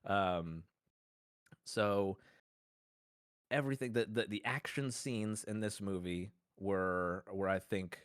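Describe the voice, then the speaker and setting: A man's voice: lowish voice, takes it slowly, pauses often, clean tone, no room sound, studio quality. A man co-hosting a podcast, arguing his case in a playful, rambling, mock-formal way and laughing often. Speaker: podcast co-host. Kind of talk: casual mock-courtroom argument.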